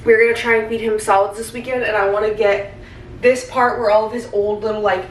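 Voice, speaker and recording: Rambling young mom in a roomy kitchen. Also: female voice, medium pitch, level tone, brisk, distant mic. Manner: rambling, candid, heavy use of "like". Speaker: stay-at-home mom vlogger. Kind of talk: casual confessional vlog. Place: home kitchen. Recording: roomy, off-mic, faint hiss.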